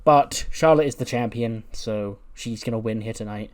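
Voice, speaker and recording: A man's voice: lowish voice, moderate pace. A man who creates gaming videos, narrating a let's-play in a chatty way and laughing often.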